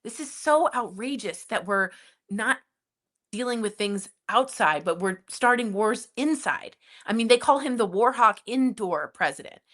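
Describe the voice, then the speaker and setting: A woman's voice: a little high, lively intonation, unhurried, a bit bright. A woman co-hosting a news and comedy podcast, giving emphatic, impassioned opinions in casual chat. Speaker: podcast co-host.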